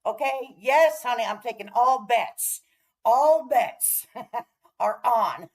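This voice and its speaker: A woman's voice: on the high side, takes it slowly, poor audio. A woman hosting a casual reaction stream, talking in a sassy, blunt, profane way. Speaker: commentary streamer host.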